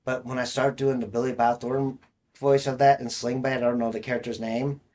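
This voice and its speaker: A young man chatting casually as a podcast co-host. He rambles from story to story and breaks into laughs mid-sentence. His voice sits at an everyday middle pitch. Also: little pitch movement, a little fast, a little mellow. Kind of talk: casual chat.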